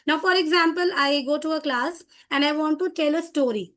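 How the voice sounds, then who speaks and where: Animated high-voiced woman teacher trainer. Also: brisk. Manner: animated, demonstrative, loose restarts.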